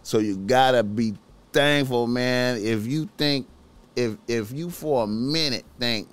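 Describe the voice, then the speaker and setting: A man's voice: medium pitch, slow. A man hosting a podcast, talking casually in a slangy, profane, preachy way, repeating himself as he urges listeners. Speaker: podcast host.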